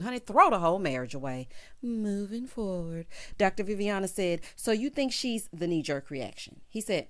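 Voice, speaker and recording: Sassy woman recapping reality TV. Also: mid-range voice. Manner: sassy, chatty, full of "honey" and "child" asides. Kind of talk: casual commentary recap.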